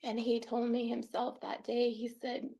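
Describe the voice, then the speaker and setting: A woman's voice: a little high, flat delivery, a little slow, creaky, warm tone, breathy edge. A woman guest on a call-in show, telling her own story in an earnest, tearful way. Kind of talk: emotional first-person account.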